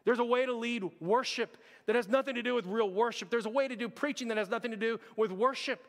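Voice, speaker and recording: A man's voice: extremely high pitch, fast, fairly bright tone. A man preaching a sermon as pastor, earnest and conversational, often calling out to the church. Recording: long hall reverb.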